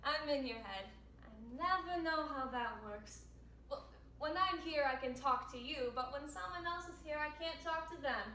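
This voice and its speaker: A woman's voice: sits high, normal speed, pushed and bright, slight background noise. A young woman performing a stage monologue as a caring, chatty sister with wry asides. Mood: tender. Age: late teens. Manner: wry, self-mocking asides. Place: home room over video. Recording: echoey room, distant mic.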